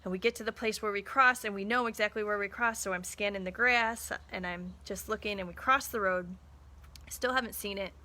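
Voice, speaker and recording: A woman's voice: medium pitch, brisk, pushed and bright. A woman in her thirties telling a story in a casual live talk to viewers, acting out bits of dialogue as she goes. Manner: chatty storytelling, acts out quoted dialogue. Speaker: small business owner and mother.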